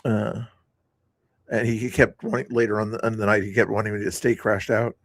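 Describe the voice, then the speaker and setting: A man's voice: lowish voice, flat delivery, a little fast, dry recording. Rambling older man talking to chat. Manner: chatty, talks to chat viewers, self-mocking. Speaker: streamer reviewing his own past stream. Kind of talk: rambling live-stream commentary.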